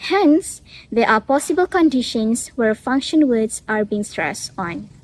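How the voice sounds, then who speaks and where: A young woman with a Malaysian English accent, presenting a scripted student analysis and reading word lists in a careful, measured way. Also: fairly high pitch, expressive, no room sound, rough recording. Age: young adult.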